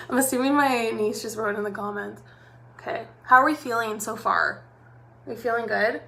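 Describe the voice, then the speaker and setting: A woman's voice: a little high, normal speed, vocal fry, pushed and bright. A chatty young woman doing a live makeup tutorial as a makeup artist, talking directly to her viewers in a bubbly way.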